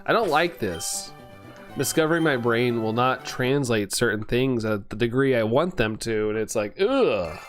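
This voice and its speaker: A man's voice: medium pitch, lively intonation, moderate pace, faint music behind. Rambling, playful man streamer. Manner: rambling, playful, stumbles over words and laughs at himself. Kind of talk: casual live-stream chat.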